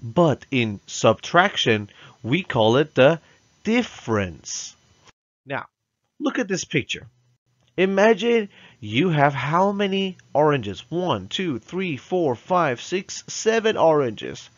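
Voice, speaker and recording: A man teaching a math lesson to young children, speaking slowly and patiently, checking in often and having them repeat words. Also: on the high side, big pitch swings, dry recording. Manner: slow, patient, coaxing with frequent "right?" checks. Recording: dull, dry lo-fi recording.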